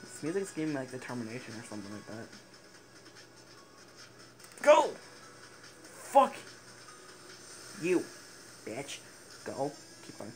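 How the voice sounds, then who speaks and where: A teenage boy giving excitable gaming commentary, swearing and laughing often. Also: medium pitch, fast talker, poor audio. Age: teens. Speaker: gaming YouTuber. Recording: game music playing behind the voice.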